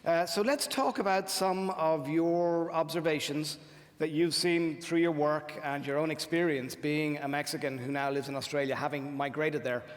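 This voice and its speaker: A man's voice: on the high side, fairly even intonation, normal speed. A man hosting a live event, introducing a remote guest and moderating a Q&A in a friendly, upbeat way. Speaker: event host. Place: large event hall with audience. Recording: reverberant hall.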